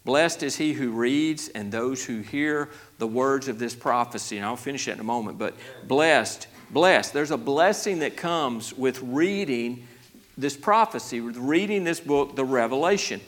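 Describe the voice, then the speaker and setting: A man's voice: mid-range voice, unhurried, a bit bright. A man preaching a conversational Bible study sermon, folksy, with many restarts, growing emphatic. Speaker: pastor.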